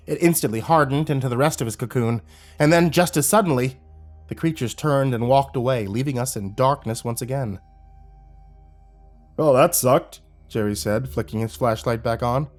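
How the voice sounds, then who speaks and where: A man narrating a horror story in a steady storytelling delivery. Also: medium pitch, brisk, faint music behind.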